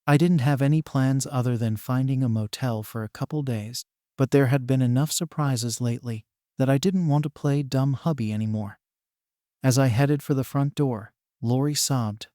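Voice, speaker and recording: A man reads a first-person story aloud at an ordinary middle pitch. His delivery is steady and even, recorded close on the mic with a completely dry sound. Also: no echo. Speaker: narrator.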